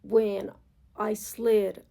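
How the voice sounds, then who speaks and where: A woman's voice: mid-range voice, little pitch movement, extremely slow, gravelly, warm tone. A woman vlogger telling her story at home in a casual, candid, earnest way, swearing freely. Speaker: motorcycle vlogger. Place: at home, in pajamas.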